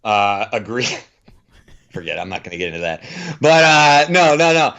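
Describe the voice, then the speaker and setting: A man in a casual film chat rambles on and often restarts his sentences, with a lively, mid-pitched voice. The recording sounds dull and slightly lo-fi. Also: moderate pace, long pauses, smooth. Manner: chatty, rambling, frequent restarts. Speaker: podcast co-host.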